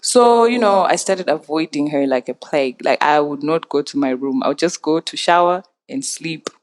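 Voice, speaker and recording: Low-voiced young woman telling a story. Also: moderate pace. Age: young adult. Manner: animated, laughs often, acts out quoted voices. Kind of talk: casual storytelling chat.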